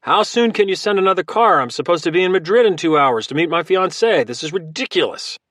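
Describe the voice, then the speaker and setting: A man voicing a calm, calculating former Marine who talks in a friendly, easygoing way. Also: mid-range voice, a little fast, no room sound, clean studio sound. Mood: casual. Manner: casual and friendly, turning hard.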